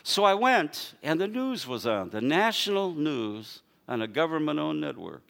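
A slightly high-voiced man tells a sermon story with animated, rising emphasis. He acts out the people in it as he goes. His preaching swings between quiet asides and emphatic peaks. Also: normal speed, creaky. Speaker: evangelist.

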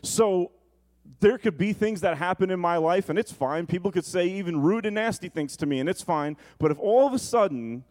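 A male pastor preaching an earnest, personal sermon in a church, slowing down for emphasis and rushing through asides. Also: high-pitched, lively intonation. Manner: earnest and personal, shifting between slow emphasis and quick asides. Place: church sanctuary.

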